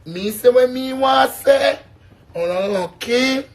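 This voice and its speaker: Speaking slowly with an extremely high pitch, a man from Jamaica delivers a casual rant to camera in his Jamaican accent. The vlogger boasts brashly to his viewers, cursing frequently.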